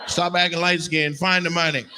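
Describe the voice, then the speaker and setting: A man's voice: fairly high pitch, flat delivery, normal speed. A man doing stand-up crowd work, teasing audience members in brash, profane banter on a live stage mic. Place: live comedy venue. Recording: noisy live venue sound.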